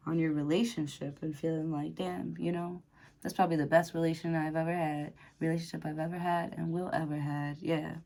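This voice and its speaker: A woman's voice: deep voice, creaky, warm tone. A woman doing a casual tarot reading to camera, chatty and laughing often, with lots of fillers. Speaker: tarot reader.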